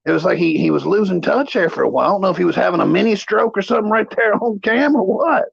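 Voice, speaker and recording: A man's voice: sits high, quick pace, creaky, slightly rough, no echo, highs cut off. A man co-hosting a casual livestream chat, rambling through stories with crude language. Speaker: co-host.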